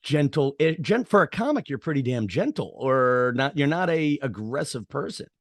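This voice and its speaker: A man's voice: medium pitch, sing-song, normal speed, no echo. Man, middle-aged, podcast host, rambling stop-start storytelling, dry close sound. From Irish heritage, New York area. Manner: rambling storyteller, many restarts and fillers. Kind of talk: casual podcast interview.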